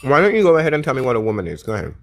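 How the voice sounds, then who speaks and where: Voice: medium pitch, very animated, racing, creaky. A live-stream debate host who talks bluntly, mocks guests and interrupts often, on a close mic. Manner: blunt, mocking, interrupts a lot. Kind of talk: casual live-stream chat.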